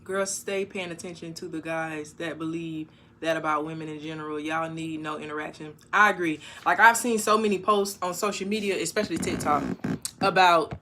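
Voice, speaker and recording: Woman on a live stream reading chat comments out and answering them, bright sharp voice, talks frankly, gets loud now and then. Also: sits low, fairly even intonation, brisk, a little hiss or hum. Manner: reads viewer comments aloud and answers them; frank and talkative, with sudden loud bursts.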